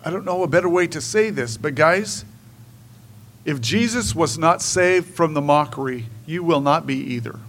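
A man preaching a sermon in an emphatic way, swinging between hushed and raised delivery. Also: high-pitched, a little fast, poor audio.

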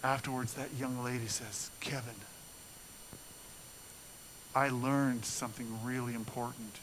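Speaking a little slowly, an older pastor tells a story in an earnest sermon that builds to animation and then drops low and gentle. There's slight background noise and the audio is poor.

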